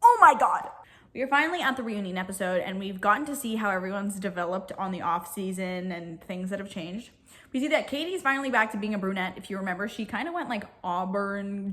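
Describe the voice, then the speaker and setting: A woman's voice: medium pitch, a bit bright. A woman vlogger retelling reality TV drama in a casual, gossipy way, full of "like" and quoted voices. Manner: chatty, gossipy, lots of "like", quick quoted voices. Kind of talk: casual recap storytelling.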